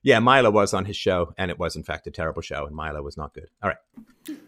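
A man's voice: low voice, expressive, quick pace, a bit bright. A middle-aged man hosting a commentary show, ranting emphatically and mockingly with frequent swearing. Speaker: podcast host commenting on a clip.

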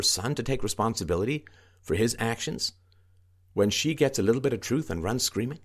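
A man's voice: animated, a little fast. A man commenting on a news article he reads aloud, talking in an emphatic, repetitive way. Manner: emphatic, repetitive, swings into mocking higher-pitched quoting.

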